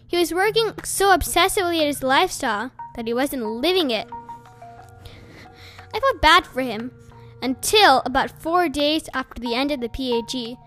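A woman narrating a novel chapter aloud with expressive storytelling. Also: high voice, moderate pace, faint music behind. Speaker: audiobook narrator.

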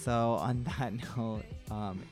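Slow laid-back male podcast host. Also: mid-range voice, fairly even intonation, music in the background. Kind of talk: casual comedic chat.

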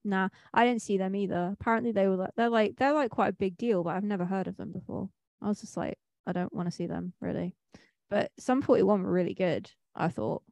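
A woman's voice: mid-range voice, fast talker, vocal fry, darkish tone, dry recording. A woman from Manchester co-hosting a podcast, chatting casually and rambling with lots of fillers and restarts. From Manchester, England. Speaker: podcast co-host. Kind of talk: casual chat.

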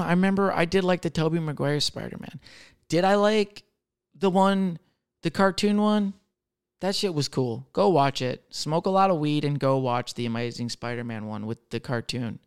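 Man, 30s, comedian hosting a podcast; smooth, clear voice, swears a lot, rambles in a jokey way. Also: on the high side, normal speed. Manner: profane, jokey, rambling, jumping between loud and mumbled. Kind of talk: casual rambling monologue.

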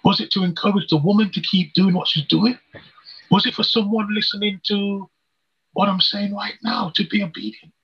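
Guy preaching, husky voice, telling his testimony earnestly, muffled lo-fi recording. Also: high-pitched, steady tone, normal speed. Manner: earnest, storytelling, rhetorical questions. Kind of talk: sermon with personal testimony. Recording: dull lo-fi recording.

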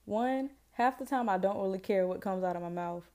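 Southern girl in her twenties rambling on her podcast, mellow voice, real casual and slangy. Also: medium pitch, a little fast. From Jacksonville, Florida, US. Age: 20s. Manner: chatty, rambling, self-deprecating, slangy. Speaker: podcast host. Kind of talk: casual solo podcast chat.

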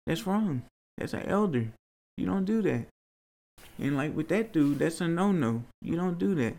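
A man speaks in an interview, earnest and rambling, sometimes pleading. His voice sits a little high and carries a gravelly fry. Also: expressive, normal speed, darkish tone. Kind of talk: personal storytelling interview.

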